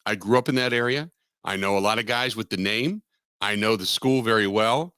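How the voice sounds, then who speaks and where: A sports radio talk host from Southwestern Ohio speaks in a lowish, sharp, clean voice at normal speed, recorded with no echo at studio quality in a radio studio. He rambles through casual chat, repeats himself, and makes self-deprecating asides.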